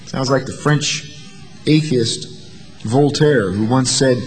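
A man's voice: medium pitch, takes it slowly, long pauses, big-room sound, faint music behind. A man preaching a sermon in a dramatic way, acting out the voices of the people in his story. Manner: dramatic, acts out voices of the disciples and doubters.

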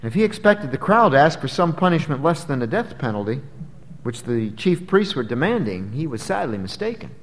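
A man preaching an expository sermon, emphatic, swinging from loud dramatic peaks to low, quiet drops. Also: sing-song, a little fast. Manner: emphatic, dramatic rises and drops in pitch and volume. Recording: long hall reverb.

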